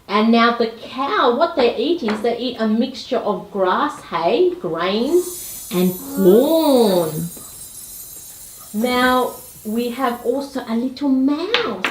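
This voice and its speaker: Gentle mother figure, slow delivery, slightly high voice, echoey home room with music behind. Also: expressive, a little hiss or hum. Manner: gentle, coaxing, imitates animal sounds. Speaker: parent presenting toy animals to children. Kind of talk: slow explanatory narration for kids.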